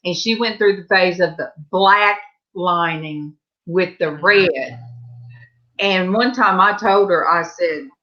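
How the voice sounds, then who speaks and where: A woman's voice: lowish voice, slow pace, sharp tone, dull audio. A woman hosting a casual chat over a video call, folksy and rambling with many restarts. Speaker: host.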